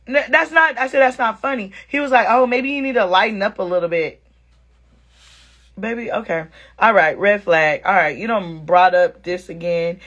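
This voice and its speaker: In her mid-range, unhurried voice, a woman vlogger shares a dating storytime at home, speaking directly to viewers. She plays both people in the exchange with lots of animation and slang, addressing her audience as "girl" and "sis."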